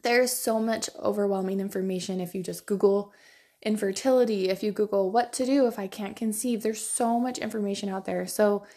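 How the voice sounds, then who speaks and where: A woman's voice: medium pitch, fairly even intonation, a little fast, dark tone. A woman hosting a podcast, talking in an enthusiastic, upbeat way. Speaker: podcast host. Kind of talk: casual podcast chat.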